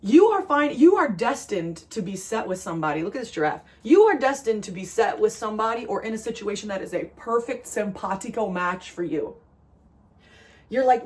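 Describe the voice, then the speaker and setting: A woman delivers a channeled tarot reading to her viewers. She is emphatic and repetitive, and her pitch leaps upward in excited bursts before it settles back into earnest reassurance. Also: brisk. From New Jersey. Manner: emphatic, repeats phrases, swings high with excitement. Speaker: tarot reader.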